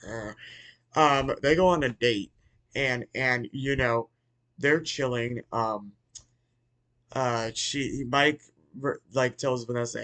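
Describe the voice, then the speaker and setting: A man giving a casual, rambling movie recap, swearing freely, restarting sentences and breaking into sudden loud outbursts. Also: medium pitch, takes it slowly. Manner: rambling, profane, with many restarts. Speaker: movie reviewer.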